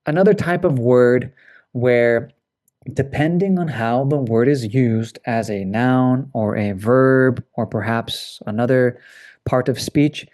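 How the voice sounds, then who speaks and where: A male pronunciation teacher speaking at a slow, measured pace. He sounds out each word deliberately and clearly, working through lists of drill words. His voice sits at an ordinary middle pitch. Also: warm tone. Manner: deliberate, careful enunciation.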